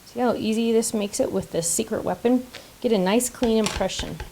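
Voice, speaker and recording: A woman's voice: fairly high pitch, moderate pace, warm tone, a little hiss or hum, low-quality recording. A woman hosting a casual card-making tutorial, chatty and playful, making silly sound effects and joking about herself. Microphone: top-down camera setup.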